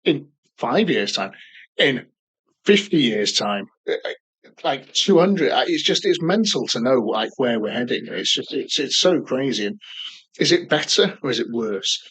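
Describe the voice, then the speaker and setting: A man's voice: medium pitch, expressive, measured pace, a bit bright, husky, rough recording. A man co-hosting a podcast, chatting casually over beers in a rambling, sweary, jokey way. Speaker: podcast co-host. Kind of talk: casual pub chat.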